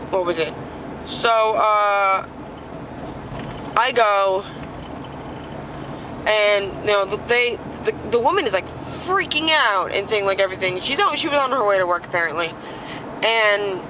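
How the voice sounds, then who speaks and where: A young woman in a car, telling a story casually in an excited, profane, rambling way with many restarts. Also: medium pitch, noisy background. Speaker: vlogger. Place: inside a car while driving.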